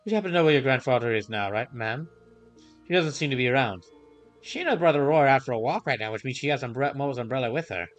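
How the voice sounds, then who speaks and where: A man reading game dialogue aloud, voicing a gentle, chatty older woman shopkeeper in a soft, higher put-on voice. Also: animated, fast, faint music behind, natural voice. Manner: gentle and polite.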